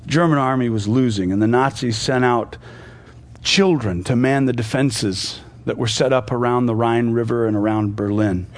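A man preaching a sermon, telling a story and swinging between forceful peaks and hushed, quiet passages. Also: medium pitch, normal speed, no echo.

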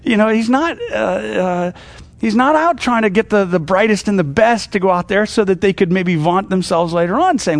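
A man's voice: high-pitched, normal speed, dry recording. A middle-aged man teaching from the Bible in a casual, conversational way, full of fillers and restarts, acting out the people he quotes. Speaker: pastor.

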